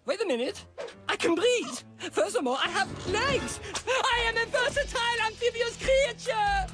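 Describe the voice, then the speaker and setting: Pondscüm, a swaggering frog thief. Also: female voice, very high-pitched, animated, normal speed. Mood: boastful. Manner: slangy street talk ending lines with "yo". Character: brash male fish-turned-frog thief, swaggering. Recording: cartoon dialogue over loud music.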